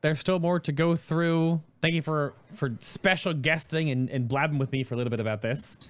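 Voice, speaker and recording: A man hosting his stream, talking casually and quickly about a project, rambling through explanations. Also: fairly high pitch, clear, resonant tone. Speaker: host.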